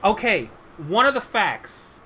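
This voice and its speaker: A man's voice: sits high, big pitch swings, takes it slowly, bright, forceful tone, slight background noise. A man hosting a casual gaming podcast, eagerly reading his list of facts off his notes. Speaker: podcast host.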